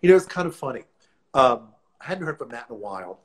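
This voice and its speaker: A man's voice: medium pitch, very animated, fast. Chatty New man on a video call. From New Orleans, USA. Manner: warm, rambling storyteller with many restarts. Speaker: guest actor. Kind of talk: casual live interview over video call. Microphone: phone or laptop on a video call.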